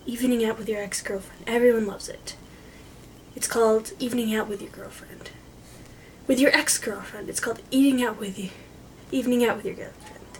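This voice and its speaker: A woman giving a joking dramatic reading, casual and giggly, swearing freely and often dropping to a soft whisper. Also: on the high side, fairly even intonation, a little fast, slight background noise, rough recording. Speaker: amateur video maker.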